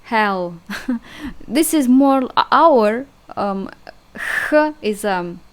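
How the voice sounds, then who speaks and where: A young Russian-accented woman, Russian by native tongue, leads an online language class, chatting in a hesitant way. She slowly repeats sounds and laughs at herself, speaking at a fairly high pitch with lively intonation and a clean tone.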